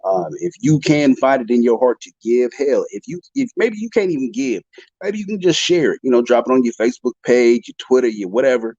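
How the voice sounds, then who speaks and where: A man's voice: mid-range voice, big pitch swings, brisk, warm tone, no echo, lo-fi sound. A man hosting an informal interview, asking questions in a loose, stumbling way. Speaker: interview host. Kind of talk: casual interview.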